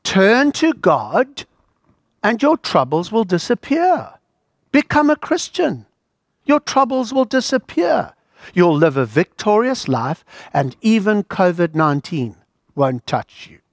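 A man's voice: high voice, sing-song, takes it slowly, dry recording, studio quality, pitched above the performer's own voice, exaggerated voice. A man voicing a brash male friend who brushes off suffering with easy answers, in a breezy, sing-song manner. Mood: breezy, pushy.

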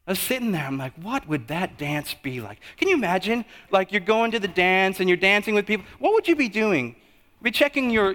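Animated preacher with a lively voice. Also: male voice, fairly quick. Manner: animated storytelling with lively swings in pitch. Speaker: pastor. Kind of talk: sermon. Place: church. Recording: long hall reverb.

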